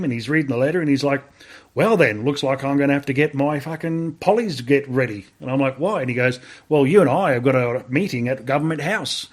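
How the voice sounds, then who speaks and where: Talking briskly in a mid-range voice, this Australian veteran guest on a podcast gives a casual, animated retelling of a story. He quotes the dialogue aloud and swears freely throughout.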